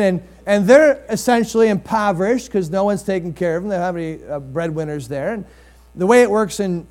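High-voiced man preaching a sermon. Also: a little mellow. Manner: conversational, with rising emphatic bursts and dramatic scripture reading.

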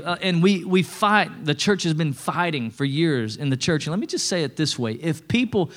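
A middle-aged pastor preaching a sermon to his church in a relaxed, joking way, asking the congregation for responses. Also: fairly high pitch, normal speed. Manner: conversational preaching with call-and-response and humor. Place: church sanctuary stage.

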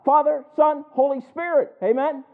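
A man preaching a sermon, drawing responses from his listeners and reading scripture slowly and with emphasis. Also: very high voice, fairly even intonation. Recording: tinny phone-like sound.

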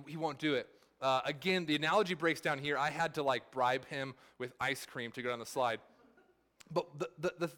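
A man in his thirties preaching a sermon, telling a family story in a relaxed, conversational way with many filler words. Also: on the high side. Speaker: pastor.

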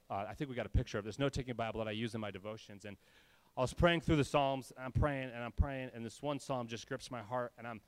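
Guy pastor rattling off a story to the church, quick and jokey, dry close mic. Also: mid-range voice, no echo. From California. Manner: animated, acts out quoted voices, self-deprecating humor. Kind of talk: sermon storytelling.

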